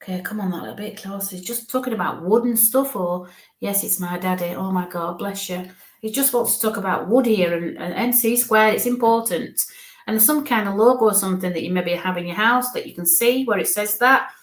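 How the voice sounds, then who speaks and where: A woman, a psychic medium giving a live-streamed reading in an affectionate, reassuring, chatty way. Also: mid-range voice. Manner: warm, affectionate, talks in quick asides. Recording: echoey room.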